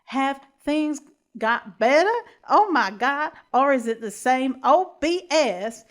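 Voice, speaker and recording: A woman's voice: sits high, lively intonation, takes it slowly, pitched above the performer's own voice. A woman putting on an American Valley Girl accent, gushing in an exaggerated way. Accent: American Valley Girl put-on.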